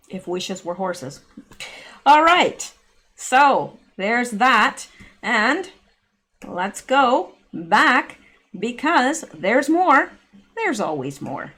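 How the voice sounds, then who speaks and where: A woman's voice: mid-range voice, fairly bright tone. A middle-aged woman hosting casual video commentary, chatty and full of rambling asides. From Canada. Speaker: channel host.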